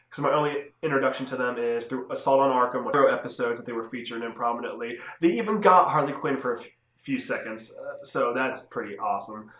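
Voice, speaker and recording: A man's voice: medium pitch, a bit bright. A young man casually reviewing comic books on his channel, talking loosely with lots of fillers and restarts. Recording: echoey room.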